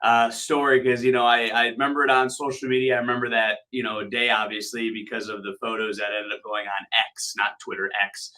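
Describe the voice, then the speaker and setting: A man's voice: medium pitch, level tone, brisk, hardly any pauses, bright, forceful tone. A man guest in an interview, speaking earnestly and with appreciation. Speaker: guest, wrestling commentator. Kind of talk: casual interview.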